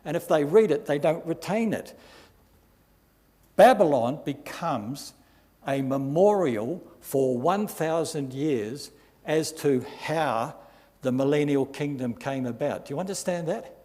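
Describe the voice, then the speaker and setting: A man preaching a sermon as pastor, reading scripture aloud with rising force and slowing down for emphasis. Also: a little high, animated, warm tone. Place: church hall. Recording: long hall reverb in a church.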